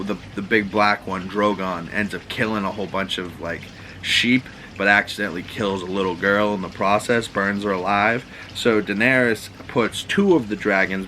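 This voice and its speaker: A man with a Boston accent rambles through a casual, profane recap like a podcast host. His voice sits on the low side but has a bright, forceful edge. A faint background hiss runs under him. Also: low-quality recording. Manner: loose, profane, rambling storyteller. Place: home room with water running next door.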